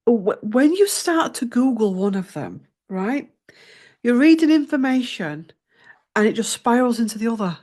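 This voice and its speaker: A woman's voice: a little high, big pitch swings, moderate pace, a little mellow. A woman hosting a tarot channel, flustered and swearing as she talks through her research in casual chat. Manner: flustered, muttering and swearing to herself.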